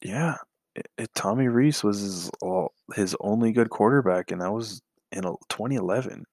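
Deep gravelly man, halting chat. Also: a little mellow, no room sound. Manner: hesitant, many fillers and sighs. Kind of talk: casual sports chat.

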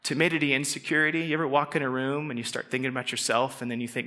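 A middle-aged man preaching a casual, conversational sermon. He acts out quick quoted voices and sometimes drops to a soft, intense tone. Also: medium pitch, little pitch movement. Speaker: pastor.

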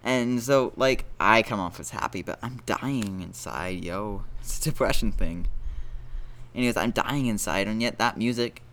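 A man's voice: fairly low pitch, moderate pace, fairly bright tone, a little hiss or hum. Rambling, self-deprecating man podcasting solo. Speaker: podcast host. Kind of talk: casual solo podcast monologue.

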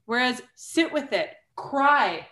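A woman's voice: high-pitched, expressive, takes it slowly, sharp tone, echoey room. A woman speaking bluntly in a casual podcast conversation, swearing freely and laughing often. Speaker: guest, founder of a mothers' group.

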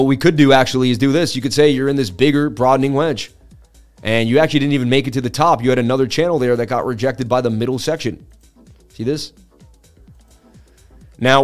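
Chatty man hosting a livestream. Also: mid-range voice. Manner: chatty, excitable, with asides to viewers. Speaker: livestream host. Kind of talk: live market analysis, reading chat.

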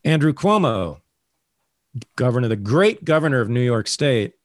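A man hosting a casual political talk show, ranting in an animated, sarcastic way. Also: medium pitch, moderate pace, no echo, clean studio sound.

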